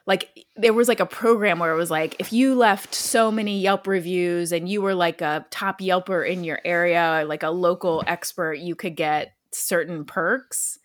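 A woman co-hosting a comedy podcast. She sounds enthusiastic and giggly, and she reacts quickly to her partner. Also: fairly low pitch, steady tone. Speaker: podcast co-host. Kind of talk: casual comedy podcast chat.

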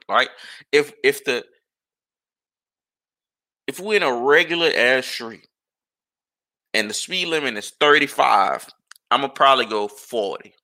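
A man delivers a casual podcast rant, his voice gravelly with a bright, forceful edge. His pitch swings widely as he fires off exasperated rhetorical questions, and he curses freely. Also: a little slow, long pauses. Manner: animated, exasperated ranting with profanity and rhetorical questions. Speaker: podcast host. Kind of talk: casual ranting monologue.

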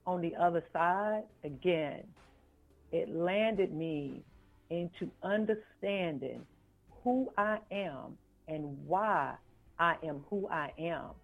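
A woman, an author and life coach, telling a personal story in a podcast interview, slow and earnest, repeating phrases for weight. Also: lowish voice, gravelly. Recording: phone-like line with faint music.

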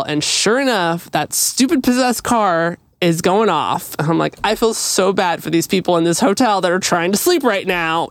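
This podcast co-host is a woman with a medium-pitched voice, recorded with no echo. Chatting casually, she tells a story and animatedly acts out the quoted lines.

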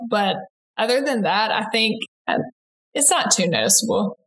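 A young woman from the American South talks in a relaxed interview, her Southern US accent softened. She chats fast and loosely, full of likes, ums and quick restarts. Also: a little high. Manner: chatty, quick-talking, many likes and restarts. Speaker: interview guest, aspiring broadcaster. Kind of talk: casual interview chat.

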